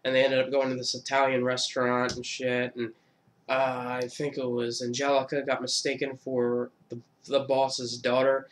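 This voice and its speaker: A man's voice: mid-range voice, monotone, moderate pace. A man in his twenties talking casually in a countdown vlog, loose and joking, with swearing and laughs at himself. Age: 20s. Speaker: YouTuber.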